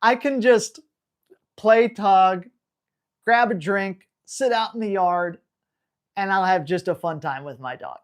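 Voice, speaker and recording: Blunt, emphatic dog trainer. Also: male voice, sits high, slow, pauses often. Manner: blunt, emphatic, repeats key words. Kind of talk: live Q&A stream.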